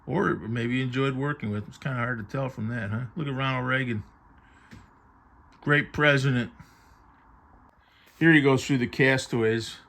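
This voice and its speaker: A man's voice: medium pitch, steady tone, moderate pace, vocal fry, long pauses, a bit bright. A man reviewing a book on vintage TV in casual commentary, chatty and musing aloud as his thoughts drift. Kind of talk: casual commentary while paging through a book.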